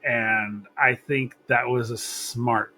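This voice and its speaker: A man's voice: mid-range voice, steady tone, takes it slowly, pushed and bright, slight background noise. A man co-hosting a wrestling podcast in casual chat, talking freely with frequent laughs and restarts. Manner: chatty, laughs often, repeats himself. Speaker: podcast co-host.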